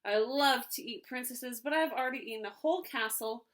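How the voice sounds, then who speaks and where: A woman voicing a boastful big male dragon in a loud, bragging voice for a storybook. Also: on the high side, a little fast, lightly acted.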